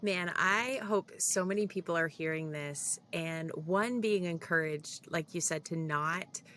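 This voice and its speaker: A woman's voice: on the low side, measured pace, a bit bright, a little hiss or hum. A woman co-hosting a faith podcast, talking in an encouraging, reflective way. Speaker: podcast co-host. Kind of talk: casual faith podcast chat.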